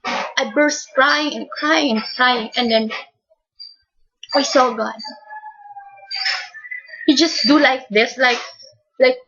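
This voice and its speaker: Lady telling her faith story, halting and teary, kinda high voice, dull lo-fi audio. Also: fairly bright tone. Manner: halting, repeats words and restarts often. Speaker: speaker giving a personal testimony. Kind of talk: emotional faith testimony. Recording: dull lo-fi recording.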